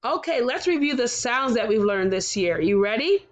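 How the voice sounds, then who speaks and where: A woman's voice: a little high, animated, moderate pace, muffled recording. A woman teaching a recorded kindergarten lesson, encouraging the children and sounding out letters one by one.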